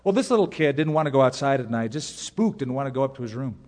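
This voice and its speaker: A middle-aged man preaching a sermon as a pastor, earnest, with pauses and sudden emphatic rises. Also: medium pitch, lively intonation, a little mellow. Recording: long reverb of a large hall.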